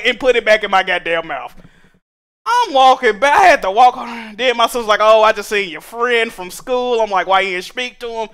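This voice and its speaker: High, bright-voiced young man ranting. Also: smooth. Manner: profane, animated, rising to exasperated shouting. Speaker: streamer. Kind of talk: casual storytelling rant.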